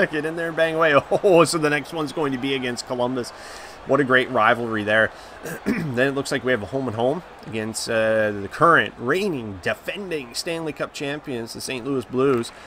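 A man commenting live on the hockey video game he is playing, reacting loudly to each play and groaning at his mistakes. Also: mid-range voice, normal speed, slight background noise. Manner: excitable, reacts loudly, groans and laughs at plays. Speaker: gaming channel host.

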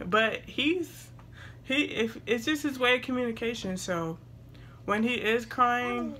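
Bright-voiced young woman chatting casually. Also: on the high side, a little slow, slight background noise. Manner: chatty, talks to her baby in between. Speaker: vlogger. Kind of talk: casual chat to camera. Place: at home.

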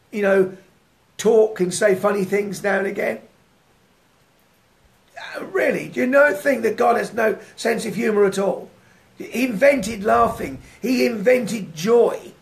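A man preaching a devotional sermon in a lively way, often laughing and putting rhetorical questions to his listeners. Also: high-pitched, vocal fry.

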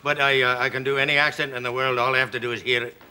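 A man's voice: medium pitch, level tone, very fast, sharp tone, smooth. A Canadian man in his sixties with an Aberdeen Scottish accent, chatting good-humouredly as a talk show guest in a studio, rambling with many hesitant fillers. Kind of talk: casual chat show interview. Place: television studio with audience.

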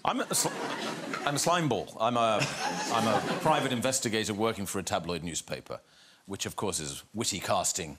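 A man's voice: fairly low pitch, lively intonation, moderate pace, heavy background noise. A man guest on a talk show, telling a dry, self-deprecating story. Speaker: guest actor.

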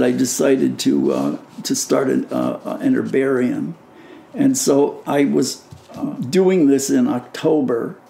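An older man tells a story in an interview, his voice gravelly and low-key. He speaks in halting bursts, often pausing with fillers and starting sentences over. Faint hiss sits under the recording. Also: mellow. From United States. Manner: halting, many fillers and restarts. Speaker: interviewee, lichen curator. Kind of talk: storytelling reminiscence.

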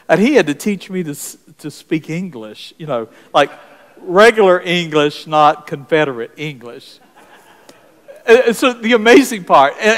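High-voiced Southern pastor preaching. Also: male voice, long reverb tail. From South Carolina, US. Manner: folksy storytelling with scripture reading. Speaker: senior pastor. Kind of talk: sermon.

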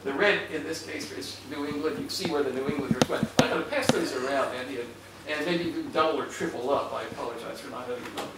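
An older man, a historian, giving a halting public lecture full of fillers and restarts to an audience in a hall. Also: medium pitch, creaky. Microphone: far room microphone. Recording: echoey hall, distant mic, noisy.

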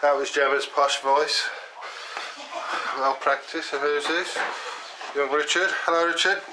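A man's voice: a little high, steady tone, a little slow. Dry-joking man filming a holiday. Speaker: family member filming a holiday video. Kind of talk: casual home-video narration. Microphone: handheld camera mic. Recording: noisy home-video audio.

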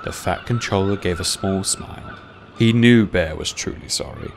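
A man narrating a children's-style railway story in a measured storytelling voice. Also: low voice, gravelly. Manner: measured, voices all the characters. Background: background music.

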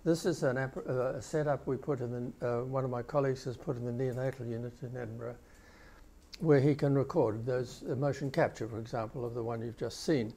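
An older male professor giving a conference keynote, explaining video clips with pauses and restarts. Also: medium pitch, steady tone, mellow, husky. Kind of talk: conference lecture.

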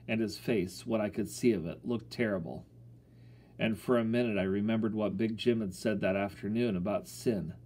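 Low-voiced man reading a folksy story. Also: a little mellow. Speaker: audiobook narrator. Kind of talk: first-person storybook narration.

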